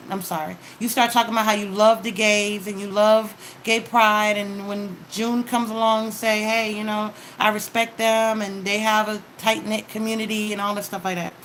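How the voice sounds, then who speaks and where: In a low-quality recording with a slight hiss or hum, a woman with a medium-pitched, somewhat bright voice does a casual tarot reading. She speaks directly to the viewer, giving advice and often pausing to ask "okay?"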